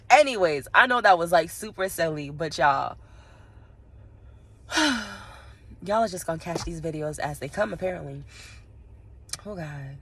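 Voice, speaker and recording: Tearful woman with a gravelly low voice. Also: expressive, moderate pace, long pauses. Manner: rambling, talks straight to viewers, laughs through tears. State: tearful and sniffling. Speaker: vlogger. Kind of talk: casual vlog monologue. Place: inside her parked car.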